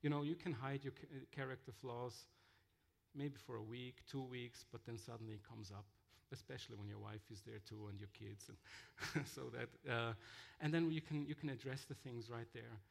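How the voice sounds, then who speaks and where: Gravelly man telling mission stories. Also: mid-range voice, steady tone. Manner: halting, with many fillers and restarts. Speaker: missionary speaker. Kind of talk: sermon-style storytelling.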